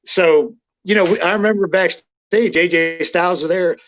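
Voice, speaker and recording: A man's voice: high voice, normal speed, fairly bright tone, slight background noise. Blunt, profane man telling wrestling stories. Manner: blunt, profane, rambling with restarts. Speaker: interview guest, former wrestler. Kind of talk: casual storytelling interview. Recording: lo-fi muffled audio.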